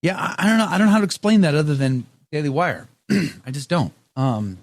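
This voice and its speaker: A man's voice: on the high side, very animated, brisk, creaky, no echo. A male host in casual live-stream chat, reading viewer comments aloud and talking candidly. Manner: candid, conversational, with frequent restarts.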